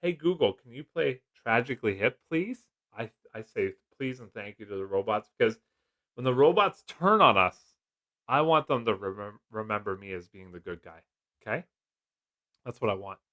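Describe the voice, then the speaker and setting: Middle-aged man, chatty livestream host, jokey, quick laughs. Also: on the low side, animated, sharp tone. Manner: chatty, jokey, laughs often, reads comments aloud. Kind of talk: casual live-stream chat.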